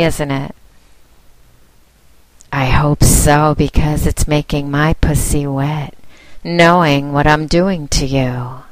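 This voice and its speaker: Slow, low-voiced sultry woman. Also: fairly even intonation, no room sound, low-quality recording. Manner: slow, teasing and commanding, dropping at times to a whisper. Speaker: adult phone-line performer. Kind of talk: sultry recorded phone-line ad.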